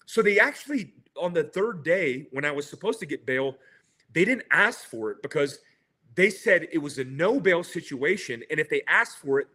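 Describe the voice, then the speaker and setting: Guest, male, middle-aged: lively storyteller, bright and slightly high voice, acts out dialogue. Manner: retells with quoted dialogue and laughs. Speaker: interview guest. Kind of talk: animated storytelling.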